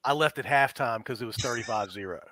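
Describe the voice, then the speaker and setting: Bright-voiced male podcast host. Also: medium pitch, quick pace, no echo, studio quality. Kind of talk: casual interview chat.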